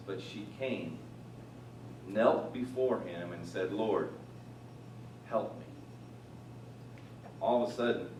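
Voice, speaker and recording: A man teaching through a Bible passage, animated, rising loud on quoted lines and dropping quiet for asides. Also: fairly low pitch, far from the mic, a little hiss or hum. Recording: echoey room from off-mic, faint ambience.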